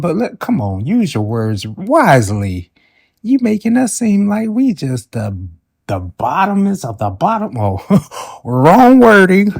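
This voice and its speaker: A man in his forties giving sassy, animated commentary as a vlogger, keeps calling the listener baby and asking okay?. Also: a little high, creaky, no room sound, studio quality. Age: 40s. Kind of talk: commentary vlog.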